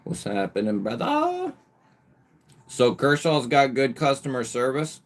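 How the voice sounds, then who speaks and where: A man hosting a casual live stream, greeting viewers by nickname with lively bursts of emphasis and the odd swear word. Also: mid-range voice, normal speed. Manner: occasional mild swearing. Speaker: livestream host.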